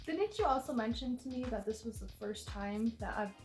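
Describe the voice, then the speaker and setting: A woman's voice: fairly high pitch, animated, fairly quick, a little mellow, faint music behind. A young woman joining a casual film discussion as a guest, enthusiastic and giggly.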